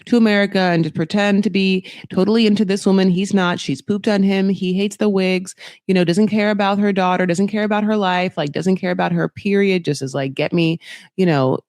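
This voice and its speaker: A chatty woman rattles through gossip with asides and quick impressions, her voice set at a middling pitch. The recording is dry and close, with no room sound behind her. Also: steady tone, a little mellow, no echo. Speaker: podcast host recapping reality TV. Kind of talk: casual chat.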